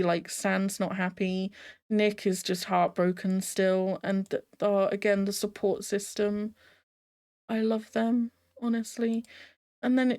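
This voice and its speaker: A woman's voice: medium pitch, a little mellow. Chatty, emotional woman reacting to a show. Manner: chatty and emotionally invested, with frequent laughs; talks straight to the viewer with rhetorical tag questions. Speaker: reaction video host. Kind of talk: casual reaction commentary.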